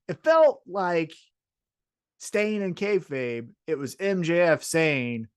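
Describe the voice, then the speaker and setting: Lively man recapping a wrestling show. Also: fairly high pitch, slow pace, clear, resonant tone. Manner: recaps events, acts out quotes in a lively way. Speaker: podcast co-host. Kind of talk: casual wrestling podcast recap.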